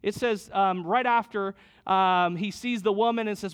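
A man's voice: sits high, moderate pace, clean tone. A middle-aged man preaching a sermon to couples in a conversational way, repeating key lines and joking with his listeners. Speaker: pastor.

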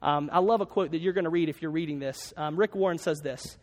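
A pastor with a notably high voice delivers a sermon in a casual, chatty way, restating each main point twice. His voice rings out through a large church space with a long, trailing reverb. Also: quick pace. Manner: conversational, repeats key lines for note-taking. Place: church sanctuary with a congregation.

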